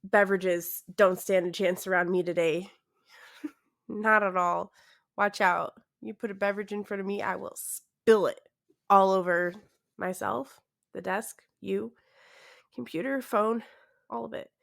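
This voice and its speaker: A woman's voice: mid-range voice, fairly even intonation, measured pace, gravelly, pauses often, a bit bright. A tired young woman hosting her own podcast in casual chat, awkward and self-deprecating, laughing often and trailing off into fillers. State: tired, yawning. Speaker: podcast host.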